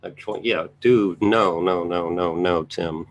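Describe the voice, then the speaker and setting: A man with a low, gravelly voice talks offhandedly through option trades, thinking aloud and tossing quick asides to viewers. A faint hum sits under the recording. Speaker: trading educator reviewing charts. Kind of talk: casual live market commentary.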